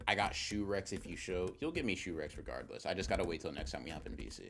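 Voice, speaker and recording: Deep-voiced, deadpan young man. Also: vocal fry, background noise. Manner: mumbled, halting deadpan banter. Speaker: podcast co-host. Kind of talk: casual livestream chat.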